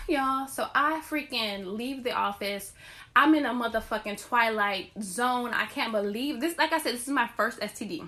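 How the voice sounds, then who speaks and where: A woman hosting a podcast, telling a personal story to her listeners in an animated, profane way. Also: fairly high pitch, moderate pace. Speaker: podcast host.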